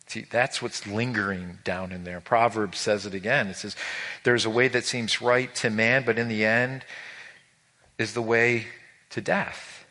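A man preaching a sermon, telling stories animatedly and acting out quotes. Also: unhurried. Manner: animated storytelling, acts out quotes with rising pitch. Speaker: pastor.

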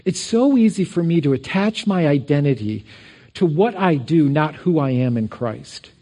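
A middle-aged male pastor delivering a sermon in a church, his voice mellow and a touch higher than most men's. He preaches in a loose, conversational way, weaving in personal stories and circling back over his words. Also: sing-song, moderate pace. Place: church sanctuary.

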